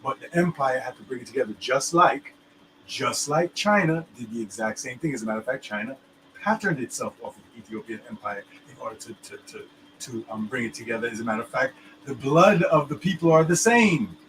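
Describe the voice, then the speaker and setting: A man's voice: mid-range voice, animated, fairly quick, fairly bright tone, poor audio. Man in casual chat, talks loosely, lots of fillers and "you understand?", faint background hum. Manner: loose, filler-heavy explaining, keeps checking "you understand me?".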